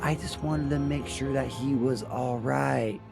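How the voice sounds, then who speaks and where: A man's voice: medium pitch, fairly even intonation, unhurried, creaky, over music, voice pushed up. A man voicing a polite, anxious female teacher pleading to see a child.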